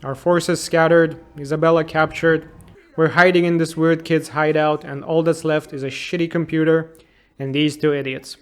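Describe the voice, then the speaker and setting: A man in his thirties with a notably high voice, narrating a funny look back at a game he loved as a kid. He sounds sarcastic and exasperated, often mocking the plot in disbelief. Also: level tone, normal speed, clear, resonant tone. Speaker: YouTube game reviewer. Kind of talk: comedic game retrospective narration.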